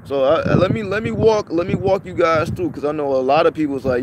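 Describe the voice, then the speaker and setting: Heavy background noise surrounds a man vlogging for viewers in a fairly high-pitched, brisk voice. He swears constantly, repeats things, and often starts over mid-thought in his casual chat.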